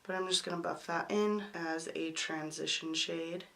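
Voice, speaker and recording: Hoarse, sick-sounding woman vlogger. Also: low-pitched, fairly even intonation, normal speed, a bit bright. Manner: apologetic, chatty. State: hoarse from a cold. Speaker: beauty vlogger. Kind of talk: makeup tutorial talk.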